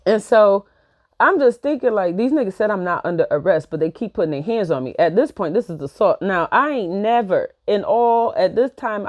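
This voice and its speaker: A woman's voice: medium pitch, a little mellow, dry recording. A woman around thirty telling a personal story in a casual vlog. She talks bluntly, swears freely and acts out what each person said. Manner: blunt, profane, acts out quoted dialogue. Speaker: vlogger.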